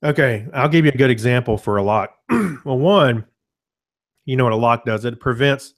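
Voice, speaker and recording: Presenting a casual software demo webinar, a man explains in a relaxed, loose way, often restarting sentences to correct himself and repeatedly clearing his throat. His ordinary middle-pitched voice comes through a computer mic on a web call at normal speed.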